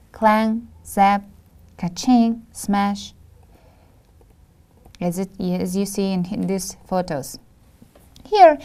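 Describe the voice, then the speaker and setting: A woman from Kyrgyzstan teaching an English lesson on a video, calmly listing vocabulary for her students one word at a time. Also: medium pitch. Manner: slow, deliberate listing of words to students.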